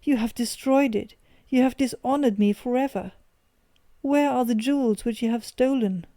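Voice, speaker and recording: A woman's voice: medium pitch, steady tone, normal speed, dark tone, no echo, natural voice. Woman reading as an outraged aging banker. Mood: angry. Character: stern aging male banker, proud and furious.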